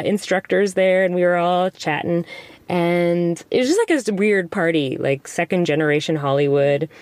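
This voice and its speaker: A woman's voice: lowish voice, dry recording. Chatty, laughing middle-aged woman. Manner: laughs often, chatty, self-deprecating. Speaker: guest. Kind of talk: casual storytelling chat.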